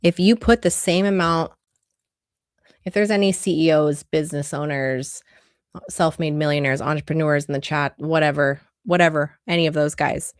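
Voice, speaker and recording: A woman's voice: low-pitched, steady tone, moderate pace, smooth, dry recording, studio quality. A woman relationship coach giving an earnest, conversational livestream talk full of rhetorical questions.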